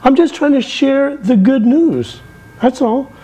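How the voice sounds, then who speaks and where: A middle-aged man giving a lively sermon from the pulpit, telling stories with big swings in his voice. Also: takes it slowly, slightly rough, poor audio. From England. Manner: animated, storytelling with wide swings in pitch. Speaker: missionary speaker.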